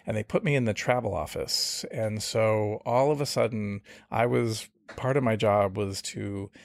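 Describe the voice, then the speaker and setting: Gravelly low-voiced man, reflective. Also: no room sound, studio quality. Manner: reflective, with many fillers and restarts. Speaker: startup founder. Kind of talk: interview answers.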